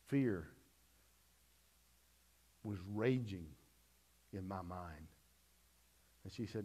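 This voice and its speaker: Middle-aged man, pastor giving a sermon; lower voice, folksy testimony, dynamic swings. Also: unhurried, long pauses. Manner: folksy storytelling testimony, swings from loud to hushed.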